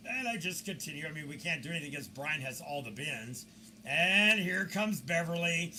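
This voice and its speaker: A man talks viewers through security camera footage, pointing things out as it plays. His voice sits a little high and swings widely as he tells the story with mocking asides. A steady hiss of background noise runs under the recording. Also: moderate pace. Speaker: video commentator.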